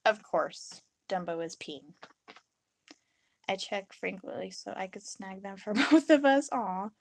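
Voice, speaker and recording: A woman's voice: medium pitch, animated, unhurried, vocal fry, darkish tone, slight background noise. A young woman live-streaming her resin crafting in a casual, rambling chat. She reads and answers viewers' comments and acts out her own reactions in little quotes.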